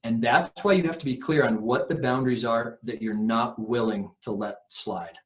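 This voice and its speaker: A man's voice: medium pitch, normal speed, hardly any pauses. Earnest man coaching on a podcast. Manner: earnest, emphatic, acts out quoted lines. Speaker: emotional abuse recovery coach, guest. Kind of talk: podcast interview, explaining.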